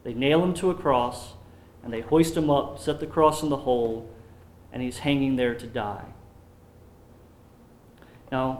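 A man preaching a sermon, slowing down when he reads scripture aloud. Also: fairly high pitch, roomy sound. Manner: slows down to read scripture aloud.

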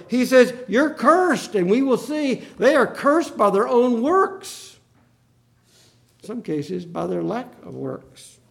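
A man's voice: sits high, vocal fry. A male pastor preaching a sermon, acting out the Bible quotes with drama.

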